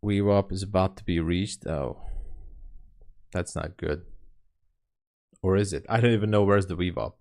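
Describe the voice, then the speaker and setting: A man's voice: low-pitched, normal speed, gravelly, long pauses, darkish tone. A man giving live commentary while day trading, making wry, muttered remarks to himself about the chart. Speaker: day trader streaming live.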